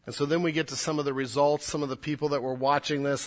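A man's voice: medium pitch, little pitch movement, quick pace, hardly any pauses. A pastor preaching a sermon to his congregation. He is earnest and emphatic, and he repeats words as he builds his points.

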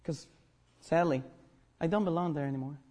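A man's voice: fairly high pitch, normal speed, darkish tone. A man from Guatemala with a Guatemalan accent, a native Spanish speaker, preaching a sermon as pastor, emphatic and joking.

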